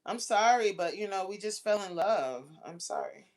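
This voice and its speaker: A woman's voice: medium pitch, animated, normal speed. A woman hosting a casual livestream, reading out chat comments and bantering back in a playful, teasing way.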